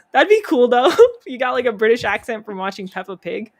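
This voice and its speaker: A woman's voice: a little high, animated, moderate pace, darkish tone. A young adult woman chatting as a podcast guest, telling stories and laughing often. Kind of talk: casual chat.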